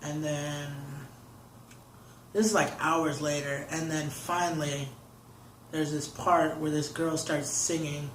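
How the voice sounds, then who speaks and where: A man's voice: on the high side, little pitch movement, slow pace, a bit bright, slight background noise. A young man, an interview guest, telling a long story in casual talk, rambling and filling his sentences with "like". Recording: roomy echo.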